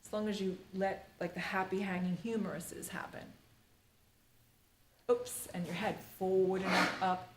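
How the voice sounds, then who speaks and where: The recording has a roomy echo and faint background noise. A middle-aged Alexander Technique teacher leads a live workshop in a medium-pitched, level voice at a measured pace, chatting in a playful, meandering way loaded with "you know" and "like".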